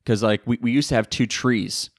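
A man's voice: medium pitch, steady tone, normal speed, dry recording, clean studio sound. A young man from Florida hosting a casual solo podcast from home, joking and swearing in slangy chat. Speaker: podcast host. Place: home room by a window in a hurricane.

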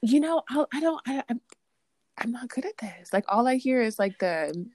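A woman's voice: fairly high pitch, lively intonation, moderate pace, darkish tone. A woman who is a guest on a podcast, chatting casually, giggly and a little hesitant. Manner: giggly, hesitant, self-deprecating. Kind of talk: casual interview chat.

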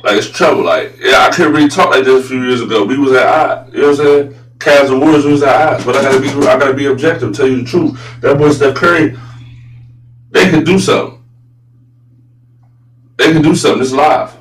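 Brief: male sports-talk host, blunt and cussing, mid pitch, roomy echo, a bit off-mic, faint hum. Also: quick pace, distant mic. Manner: blunt, profane, gets loud and incredulous. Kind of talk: casual opinionated sports talk.

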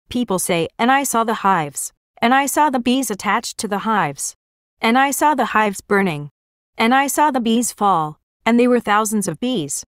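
A woman's voice: medium pitch, no echo, studio quality. Woman solemnly narrating a prophetic vision.

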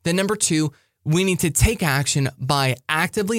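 A man preaching a motivational talk to high school students, energetic and emphatic, repeating his key phrases. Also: moderate pace, no echo, studio quality. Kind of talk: sermon-style motivational talk.

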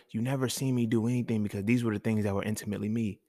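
A man's voice: fairly low pitch, flat delivery, very fast, no room sound. A man talking casually and emphatically, with profanity and speech, hosting a solo podcast. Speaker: podcast host.

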